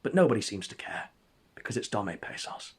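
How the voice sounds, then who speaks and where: A man telling an absurd story as comedic narration, in a deadpan, mock-epic way. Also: lowish voice, a little fast, vocal fry, husky.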